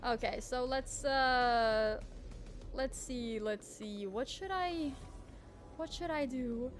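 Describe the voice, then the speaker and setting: A woman's voice: on the high side, slow, slight background noise. A woman streamer chatting casually while she draws, self-mocking and full of trailing restarts. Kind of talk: casual live-stream chat while drawing.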